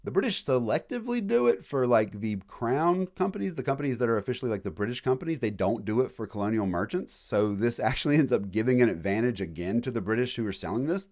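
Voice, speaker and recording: A man giving a casual college history lecture in a classroom, joking and acting out quick voices of historical groups. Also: mid-range voice, expressive, darkish tone.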